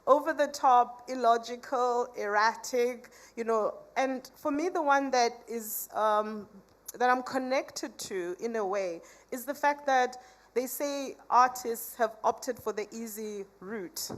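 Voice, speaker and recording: With a voice on the high side, a woman from South Africa takes her time through a conversational conference talk. She fills it with "you know" asides and trades banter with the audience.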